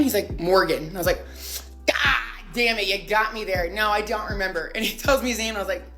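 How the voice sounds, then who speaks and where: A young woman in her twenties tells a casual storytime to camera. Her voice sits at a middle pitch and stays animated, and she slips into exaggerated voices whenever she quotes someone. Faint music plays underneath. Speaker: social media storyteller. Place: home in Denver.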